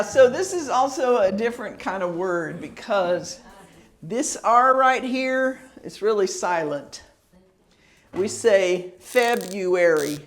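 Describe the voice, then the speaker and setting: Patient American woman teaching pronunciation, slow. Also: mid-range voice. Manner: patient, repeats words slowly, laughs easily. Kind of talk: pronunciation lesson, casual explaining.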